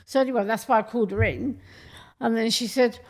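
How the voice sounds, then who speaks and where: A woman's voice: a little high, fairly even intonation, brisk. A woman, telling blunt, sweary stories as a podcast guest in a studio. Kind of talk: casual chat.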